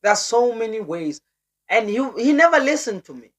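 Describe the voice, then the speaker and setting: Young South African woman vlogger, lively, pushy-friendly, voice jumps high when keen. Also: normal speed. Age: young adult. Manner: animated, urging, pitch leaps up high. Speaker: YouTuber. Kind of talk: casual vlog chat to viewers.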